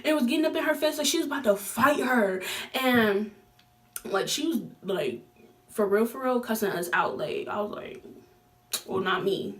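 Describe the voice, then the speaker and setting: Young woman vlogger, casual storytime, raised pitch, animated quotes, slightly distant recording. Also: normal speed. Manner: animated, slangy, acts out quoted lines with big pitch jumps.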